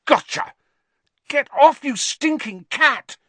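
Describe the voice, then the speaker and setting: A man voicing a hot-tempered teenage boy in an audiobook, hissing and snapping in sharp outbursts. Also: a little high, huge pitch swings, slow, slightly rough, no room sound, pitched above the performer's own voice, heavily acted. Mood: yelling. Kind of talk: audiobook character voice.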